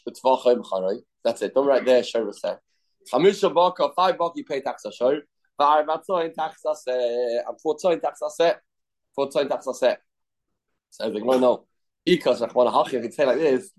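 A man works through a Talmud page in an even, mid-pitched voice. He reads the text and then translates it, often stopping and starting over. The delivery is a plain study-hall lesson. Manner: reads and translates text, quick, halting restarts. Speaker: Talmud teacher.

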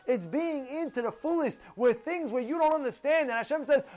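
A man teaching a Torah class, animated, acting out excited voices with gasps and rhetorical questions. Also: extremely high pitch, moderate pace.

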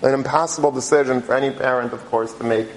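A man giving a religious talk, telling a story in a halting way with many restarts. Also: mid-range voice, fairly even intonation, rough recording. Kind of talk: sermon storytelling.

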